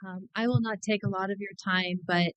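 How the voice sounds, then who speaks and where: A woman's voice: medium pitch, steady tone, a little fast, clean tone, highs cut off. A woman consultant presenting an upbeat plan update to a county committee, friendly and full of fillers. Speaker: planning consultant. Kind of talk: public meeting presentation.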